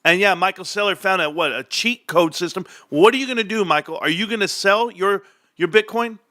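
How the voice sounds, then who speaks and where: A combative man rants his way through market commentary with a profane edge. His voice sits high and sounds bright and forceful. The sound is close and dry, with no room around it. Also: fairly quick, dry recording. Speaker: stock market streamer.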